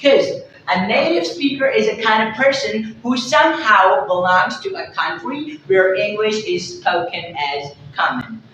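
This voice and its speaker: A woman from Pakistan explaining English accents to viewers as a teacher, repeating herself and pausing on fillers. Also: medium pitch, expressive, a bit bright. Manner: repetitive, explanatory, frequent fillers. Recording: very echoey room, distant mic, dull sound, faint noise.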